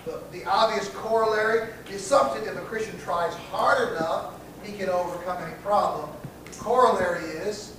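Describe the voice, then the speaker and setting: A man with a high voice gives a classroom lecture, leaning hard on key phrases and quizzing his students as he goes. He is recorded from far off in a very echoey room, with noise underneath. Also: fairly even intonation, normal speed. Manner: emphatic, repeats key phrases, asks the class questions. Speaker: teacher of a class.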